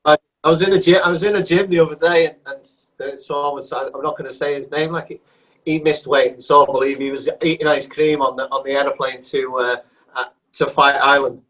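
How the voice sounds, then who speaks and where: Male podcast host, rambling and halting, fairly high voice. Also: fairly even intonation, a bit bright, low-quality recording. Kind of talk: casual podcast conversation.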